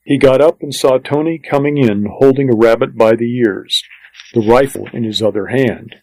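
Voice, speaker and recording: A man giving scripted audiobook narration in a steady, even storytelling delivery. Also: medium pitch, normal speed, no echo, poor audio.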